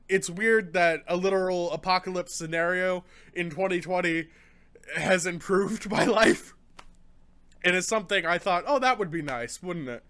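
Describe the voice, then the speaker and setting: A man's voice: high voice, moderate pace, fairly bright tone, smooth. A young man giving a casual book review while in pain from a hot pepper, rambling, groaning and swearing between his points.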